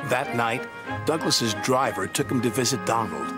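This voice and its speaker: A man narrating a children's storybook in an expressive reading voice. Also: mid-range voice, moderate pace. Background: music.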